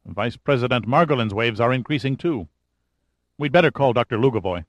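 A man reading a thriller audiobook in a steady, measured storytelling voice. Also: mid-range voice, dry recording. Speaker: audiobook narrator. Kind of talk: scripted thriller narration.

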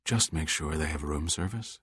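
A man's voice: deep voice, lively intonation, normal speed, creaky, full character voice. A man voicing Kayla, a flirtatious woman journalist. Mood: flirty. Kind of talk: audiobook dialogue reading.

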